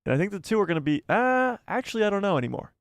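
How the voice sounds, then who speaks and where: A man's voice: high voice, big pitch swings, racing, dry recording, clean studio sound. A man hosting a casual live stream, reading out viewer messages and chatting back to them by name, laughing often, on a headset mic.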